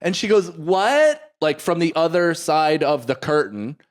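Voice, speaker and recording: A man co-hosting a comedy podcast, telling a story in an animated way, acting out both sides and swearing freely. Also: fairly high pitch, moderate pace.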